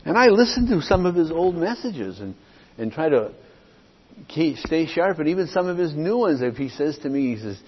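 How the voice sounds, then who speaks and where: A middle-aged pastor preaches an expository sermon in a church sanctuary, his fairly high, breathy voice swinging widely in pitch at a moderate pace. He is emphatic, repeats his points, and keeps checking in with "okay?". The audio is dull and lo-fi, with long hall reverb.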